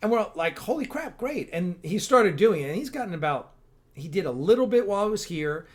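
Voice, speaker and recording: A man's voice: high-pitched, lively intonation, fairly quick. Enthusiastic rambling male host. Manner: rambling, enthusiastic, lots of restarts. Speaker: host of a fan-film livestream. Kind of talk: casual livestream chat.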